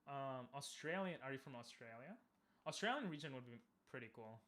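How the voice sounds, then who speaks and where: A young man casually commenting on a game he is playing, chatting with viewers and bursting into loud cheers. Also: medium pitch, lively intonation, fairly quick. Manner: talks to chat, asks viewers questions. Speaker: streamer.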